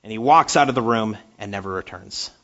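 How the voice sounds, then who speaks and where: A man preaching a sermon, halting and repeating words, moving from animated stretches to hushed earnest ones. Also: fairly low pitch, lo-fi sound.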